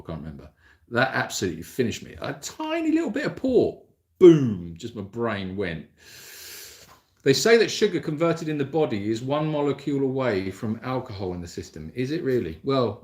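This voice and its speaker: A man's voice: on the low side, a little mellow. A man hosting a casual livestream Q&A, rambling and self-deprecating as he answers viewer comments into his mobile phone. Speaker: animal sanctuary host answering viewer comments.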